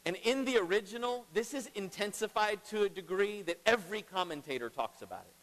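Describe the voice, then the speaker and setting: A middle-aged man preaching a sermon as pastor, emphatic, swinging between loud and hushed. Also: high voice, animated, brisk. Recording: long reverb of a large hall.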